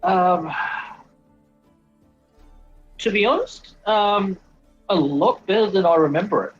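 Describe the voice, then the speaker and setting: A man's voice: high-pitched, expressive, slow, husky, muffled recording, soft background music. A man playing a tabletop game, speaking politely and hesitantly with many ums. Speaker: player. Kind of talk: casual tabletop game play.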